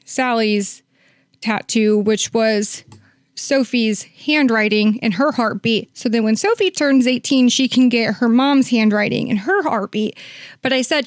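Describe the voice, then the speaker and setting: A woman's voice: a little high, unhurried, no room sound, studio quality. A woman working as a hospice nurse, telling a long story in a podcast interview, with many fillers and quoted lines acted out.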